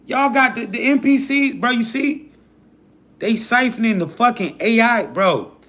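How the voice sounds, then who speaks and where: A man's voice: very high voice, unhurried, fairly bright tone. A man hosting a livestream who preaches in a casual, profane rant full of slang and hype. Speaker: livestream host.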